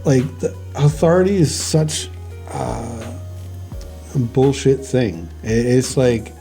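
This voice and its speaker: A man telling stories in a casual podcast chat, animated, swearing easily and repeating words as he goes. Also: mid-range voice, slow pace, gravelly, faint music behind.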